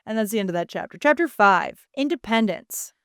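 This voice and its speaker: A woman's voice: medium pitch, clean tone, no echo, clean studio sound. A woman co-hosting a podcast, recapping a book in casual chat and acting out characters' lines as she goes. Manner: animated storytelling, acting out characters in quick asides. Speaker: podcast co-host.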